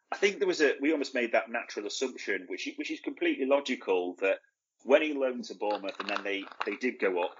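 A man's voice: on the low side, a bit bright, slightly rough, lo-fi sound. A man co-hosting a football podcast in casual chat, blunt and opinionated, asking and answering his own questions. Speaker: podcast co-host.

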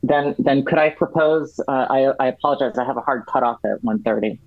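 Halting man explaining policy, dull lo-fi. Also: medium pitch, no echo. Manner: halting, many restarts and fillers. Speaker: guest. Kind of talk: explaining policy in a podcast chat.

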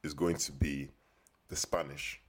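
A low-voiced man on a podcast, playful and self-mocking. He talks in loose slang, deep in tone. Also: level tone, a little slow. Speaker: podcast co-host. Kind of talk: casual chat.

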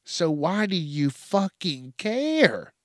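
A young man rants on his solo podcast, blunt and full of swearing. His voice sits a little high. The sound is close and dry. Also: sing-song, slow pace, no room sound. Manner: blunt, heavily profane. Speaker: podcast host. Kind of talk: casual solo rant.

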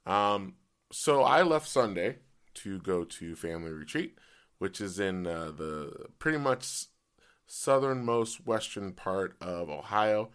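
A man hosting a casual solo podcast, his voice hoarse and cracking in and out, rambling with many fillers. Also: lively intonation, slow pace, a bit bright. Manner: pitch jumps as voice cracks. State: voice partly gone, hoarse. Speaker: podcast host.

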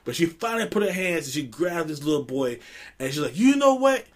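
A man telling stories in a casual podcast chat, animated, laughing often and mimicking voices. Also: on the high side, fairly quick. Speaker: storyteller in a group chat.

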